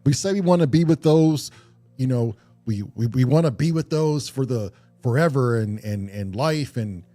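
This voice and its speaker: A man's voice: mid-range voice, lively intonation, normal speed, dark tone. A man on a podcast talking earnestly and reflectively, swearing casually and often restarting his sentences. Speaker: podcast co-host.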